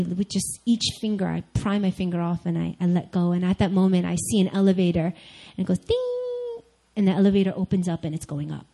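A young adult woman giving a sermon-style personal testimony, candid and animated, speaking straight to her listeners. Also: mid-range voice, low-quality recording.

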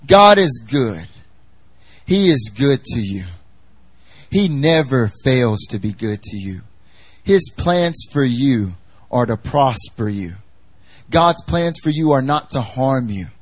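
A man's voice: medium pitch, animated, takes it slowly, no room sound. A male pastor giving a conversational sermon in a chatty, emphatic manner, repeating his key phrases for effect. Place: church service.

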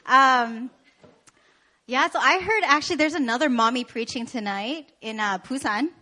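Bright, high-voiced woman pastor from Canada. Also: moderate pace. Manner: animated, laughing, self-deprecating. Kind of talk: sermon with personal stories.

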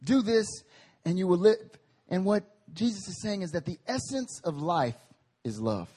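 A man preaching a sermon at a prayer meeting, animated and conversational, with humorous tangents. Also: high voice, normal speed, slightly rough. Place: meeting hall.

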